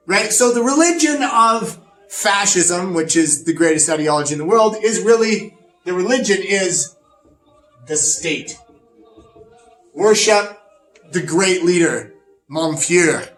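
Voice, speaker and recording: A pompous, boastful fascist, played by a man lectures with smug self-importance in a fairly high voice. The sound is roomy and echoing, taken from some distance off the mic. Faint music plays underneath. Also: animated, a little slow, fairly bright tone. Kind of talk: comedic educational role-play.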